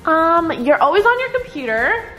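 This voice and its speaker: Brief: young woman vlogger, high and very lively, gushing girly prank voice, echoey home room. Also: normal speed, faint music behind. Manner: exaggerated girly, gushing and whiny. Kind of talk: prank vlog, talking to camera. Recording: roomy echo.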